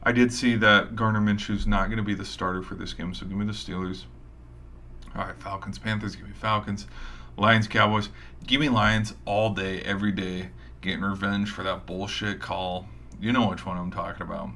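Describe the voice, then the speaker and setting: A lowish, bright, forceful voice with little pitch movement carries this sports host's rambling, casual game predictions, which come with hype and mild swearing. He moves at a moderate pace but is tired, his voice giving out. Slight background noise is audible.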